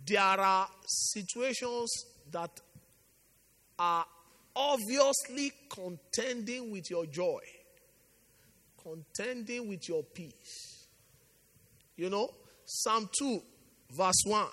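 High-voiced, impassioned preacher man. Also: lively intonation, extremely slow, long pauses, in a large hall. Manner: impassioned, repetitive exhortation, swings from soft to shouting. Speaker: pastor leading prayer. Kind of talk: fervent prayer-meeting sermon.

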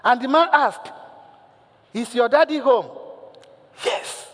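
A male pastor delivers a sermon, his voice pitched high and carrying a long hall reverb. He tells a story animatedly, acting out the lines, and keeps turning to the congregation with questions. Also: a little slow.

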